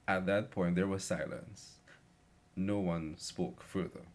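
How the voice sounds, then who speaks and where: A young man rambling through a casual story with lots of fillers. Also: low-pitched. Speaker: vlogger.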